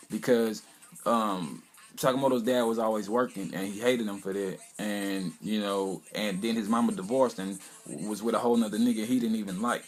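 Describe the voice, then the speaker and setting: A man's voice: lowish voice, normal speed. A man casually recapping an anime episode, rambling along with lots of "you know" and "um". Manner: rambling, loose retelling packed with "you know" and "um". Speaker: anime reviewer.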